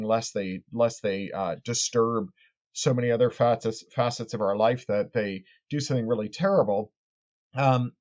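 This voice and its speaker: Articulate man explaining at length. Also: medium pitch. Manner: articulate and fluent, long explanatory sentences with frequent restarts. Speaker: author and tech critic guest. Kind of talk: podcast interview answer.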